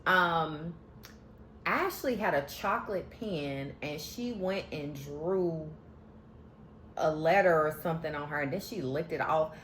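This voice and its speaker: A woman's voice: low-pitched, slow, fairly bright tone, slight background noise. A woman recapping a reality show in a casual, sassy, slangy way, giving candid opinions. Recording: echoey room.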